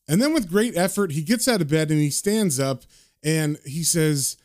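A man recaps a comic book issue in an informal, chatty way, cursing freely as he goes. His speaking voice sits somewhat high for a man. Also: expressive, moderate pace, a little mellow, clean tone.

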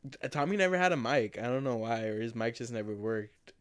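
A man's voice: mid-range voice, animated, a little fast. Rambling, laughing young man. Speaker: podcast co-host. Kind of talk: casual chat.

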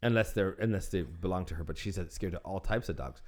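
Man, podcast co-host, fairly low voice, enthusiastic, repeats for emphasis, casual chat. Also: fast.

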